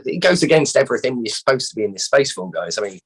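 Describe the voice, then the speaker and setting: A man's voice: medium pitch, very animated, fast talker, husky, poor audio. A man with an English accent hosting a podcast quiz in casual chat, chatty and prone to stammering restarts. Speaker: quiz host.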